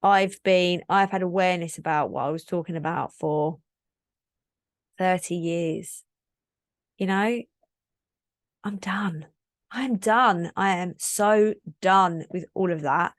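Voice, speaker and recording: Low-voiced woman in her thirties, candid. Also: dry recording, studio quality. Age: 30s. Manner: candid, reflective, rambling with frequent "like" fillers. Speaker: podcast host. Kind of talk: solo podcast monologue.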